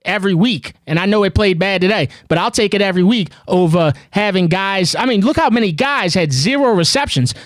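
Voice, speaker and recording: A man hosting a live sports call-in show, arguing back in an animated way that gets loud. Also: high-pitched, fairly quick, few pauses, no echo, clean studio sound. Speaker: host.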